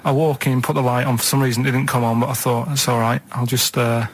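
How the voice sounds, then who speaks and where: A man who is a regular on a radio show, telling his side in a plain, matter-of-fact, deadpan way. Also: mid-range voice, fast, a little hiss or hum. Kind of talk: casual radio chat. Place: radio studio.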